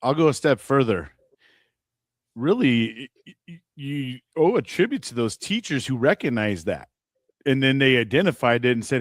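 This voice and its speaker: A man's voice: medium pitch, very animated, normal speed, dry recording. A man from the Los Angeles area co-hosts a podcast with a reflective, easygoing delivery and a middle-range voice. He keeps checking in with his listener as he talks. The recording is dry and close. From Los Angeles County. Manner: reflective, conversational, leans on "you know what I mean". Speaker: podcast co-host. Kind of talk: casual chat.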